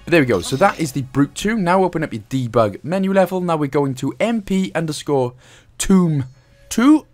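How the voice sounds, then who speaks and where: A man's voice: a little high, animated, moderate pace, few pauses, a little mellow, soft background music. A man with a Welsh accent giving a casual, jokey game walkthrough, swearing now and then. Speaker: gaming guide host.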